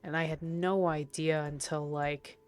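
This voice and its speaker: A woman's voice: deep voice, steady tone, measured pace, clean tone. A woman with a faint Prince Edward Island accent chatting casually with her stream chat, playful and repeating words to test how she says them. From Prince Edward Island, Canada. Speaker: art streamer.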